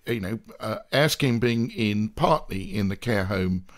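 A man's voice: lowish voice, expressive, a little slow. A man from the South Coast of England co-hosting a podcast in a casual, rambling, jokey way, wandering off into playful digressions. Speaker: podcast co-host.

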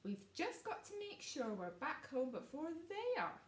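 A woman reading aloud gives voice to a kind, eager youngest boy with a bright, lively lilt that swings up and down. He sounds friendly and hopeful, in a roomy room heard from a little away. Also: high-pitched, a little slow, recorded from a distance, voice pushed up, full character voice.

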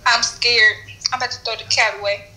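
A woman's voice: a little high, fairly even intonation, fairly quick, sharp tone, poor audio. A young woman talking with a stranger on a video chat app, chatty and giggly. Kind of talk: casual chat.

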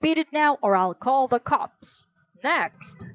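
A brusque, dismissive theater ticket taker barks at a kid, as a woman reading a storybook puts him on. The voice sounds gruff and impatient, recorded close and dry. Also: high-pitched, expressive, takes it slowly, no room sound, voice pushed up.

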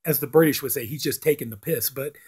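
A man's voice: mid-range voice, quick pace, a little mellow, slightly rough. A man giving a casual spoken review of a TV episode, rambling and leaning on "you know" fillers. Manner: acts out lines with a lifted voice.

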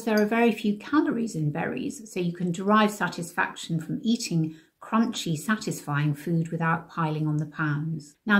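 Older woman, lowish voice, friendly emphatic vlogger giving food tips. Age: 60s. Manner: warm, conversational, emphatic. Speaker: beauty and lifestyle vlogger. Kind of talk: chatty diet tips to camera.

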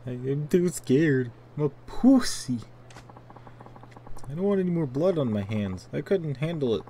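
A frightened young cop who hates himself for his cowardice, whining in halting bursts, as a man puts him on while playing a game. The voice sits at an ordinary male pitch, and a faint hiss runs under the recording. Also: sing-song, close to an everyday voice. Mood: fearful. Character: timid, guilt-ridden young male police officer.

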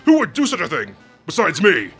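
A man voicing a gruff, bossy turtle king villain from a video game, sarcastic and blustering, over faint game music. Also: high-pitched, huge pitch swings, brisk, full character voice.

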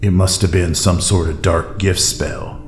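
A commanding squad captain, firm and decisive in a very deep voice. A roomy echo hangs on his words, with faint music underneath. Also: fairly even intonation, unhurried.

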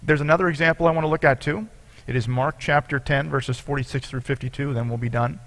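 Gravelly-voiced man preaching a sermon. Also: mid-range voice, fairly even intonation, quick pace, fairly bright tone. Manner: earnest preaching, reading scripture aloud with asides. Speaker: pastor.

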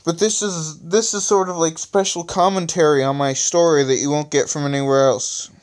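This man's voice sits a little high, with a steady tone and normal speed. He reads his own story aloud, often stumbling and starting over and throwing in self-mocking asides. It was captured with a phone screen recorder.

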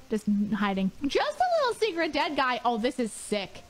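A woman showing off her decorated game island, excitable, laughing and swearing often. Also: high voice, moderate pace. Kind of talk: excited gaming clip.

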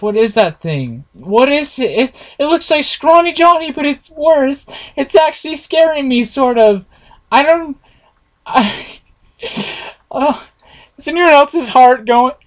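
A man giving nervous, jumpy commentary while playing a horror game, talking to his viewers and swearing often. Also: very high-pitched. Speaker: gameplay streamer.

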